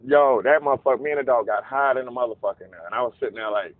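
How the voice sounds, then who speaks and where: A man telling a casual, profane story, animated and acting out voices in quotes. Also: mid-range voice, rapid-fire, dry recording. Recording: narrow phone-like dry sound.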